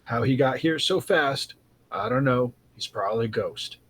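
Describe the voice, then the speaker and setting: Husky-voiced male player. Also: mid-range voice, animated, moderate pace, fairly bright tone. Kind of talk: tabletop role-play.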